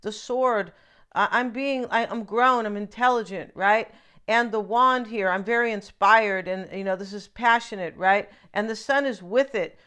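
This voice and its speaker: A woman talks through a tarot spread in a loose, chatty way. Her voice is smooth and resonant. She muses aloud and keeps checking in with the listener. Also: medium pitch, normal speed, a bit bright. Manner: chatty, asks "right?" often, muses aloud. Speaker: tarot reader. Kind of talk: casual tarot reading monologue.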